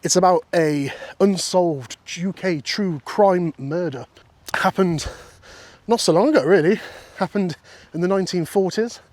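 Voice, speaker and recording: A man with a high, slightly mellow voice speaks in an unhurried way, the recording itself sounding dry. On his walking vlog through countryside fields and paths, he casually chats and jokes with viewers and passing sheep while a faint wind blows.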